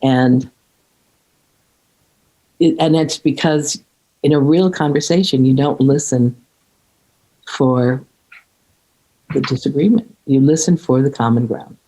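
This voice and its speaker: A middle-aged woman in a reflective conversation, speaking earnestly and haltingly, with many restarts and fillers. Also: very deep voice, warm tone, poor audio. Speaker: podcast guest.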